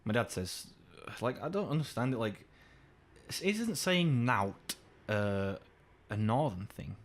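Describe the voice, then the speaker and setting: A young English man co-hosting a podcast, sweary and animated in loose, laughing banter. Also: medium pitch, unhurried. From England. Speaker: podcast co-host. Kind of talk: casual chat.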